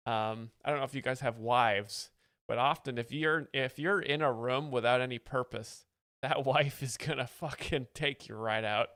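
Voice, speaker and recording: A man's voice: mid-range voice, normal speed, a bit bright, no room sound. A young man hosting a comedy show, explaining jokes in a dry, mock-earnest way. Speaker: joke explainer host. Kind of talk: deadpan comedic commentary.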